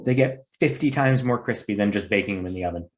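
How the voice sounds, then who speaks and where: Fast-talking young man, playful. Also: on the low side. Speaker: podcast co-host. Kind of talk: casual chat.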